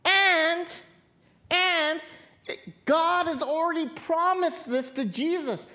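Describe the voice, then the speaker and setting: Slow-spoken woman pastor preaching. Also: very high voice, sharp tone. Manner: earnest, conversational preaching with direct appeals to the congregation. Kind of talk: sermon.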